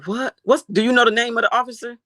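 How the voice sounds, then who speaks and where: A livestream host reacting to a case and reading out chat comments, animated and outraged, swearing freely. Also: mid-range voice, fast talker, no room sound.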